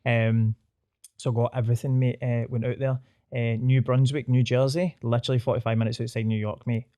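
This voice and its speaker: A man's voice: medium pitch, a little fast, clear, resonant tone, dry recording. A young man with a broad Glaswegian accent chats at speed as a podcast host. He tells stories animatedly and puts on exaggerated voices in his quotes. The sound is close and dry. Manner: animated storyteller, broad slang, loud mock voices in quotes. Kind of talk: casual chat.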